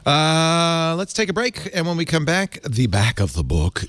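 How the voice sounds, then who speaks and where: Lively middle-aged man hosting a podcast. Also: on the high side, a little slow, few pauses, no echo. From Rhode Island. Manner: animated, rambling ad delivery with restarts. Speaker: podcast host. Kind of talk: casual tech podcast chat and live ad read.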